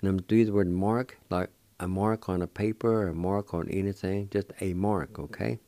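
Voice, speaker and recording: A man's voice: sits low, fairly even intonation, moderate pace, dark tone, dry recording. A man hosting a radio language lesson who patiently spells each word letter by letter and repeats every pronunciation. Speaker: radio host teaching vocabulary.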